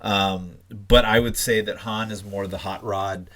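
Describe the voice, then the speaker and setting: A man's voice: on the low side, steady tone, a little slow, a bit bright. A man co-hosting a casual comics podcast, rambling with lots of fillers and restarts. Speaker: podcast co-host. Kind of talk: casual chat.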